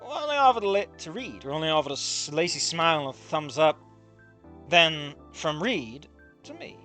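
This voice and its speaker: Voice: medium pitch, very animated, moderate pace, pushed and bright, faint music behind. A reader of fan fiction who breaks in with exasperated, profane rants about the writing. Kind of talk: reading fan fiction aloud with comedic commentary.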